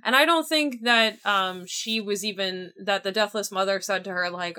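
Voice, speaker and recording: Bright-voiced woman chatting casually. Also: mid-range voice, normal speed, few pauses. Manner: animated, rambling with many fillers. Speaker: podcast co-host. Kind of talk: casual chat.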